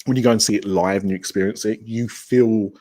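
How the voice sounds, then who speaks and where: A man's voice: fairly low pitch, fairly even intonation, a little fast, mellow. A man guesting on a podcast over a video call, talking enthusiastically in a rambling way with restarts. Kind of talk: casual remote interview chat.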